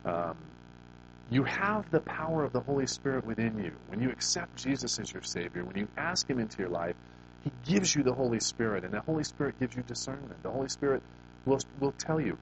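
A man's voice: mid-range voice, dull audio, background noise. A man preaching a sermon, telling a personal story with rhetorical questions and frequent restarts. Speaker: pastor.

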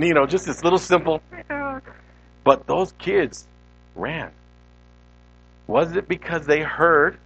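A man preaching a sermon, telling a story with sudden loud exclamations and quiet, hushed passages. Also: mid-range voice, animated, a little slow, vocal fry, long pauses, lo-fi sound. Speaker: pastor.

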